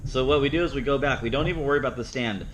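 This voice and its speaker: A man's voice: mid-range voice, very fast, slight background noise, rough recording. A man teaching a dog training seminar, plain-spoken, who acts out the dog's thoughts in playful asides. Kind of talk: seminar teaching with live demonstration.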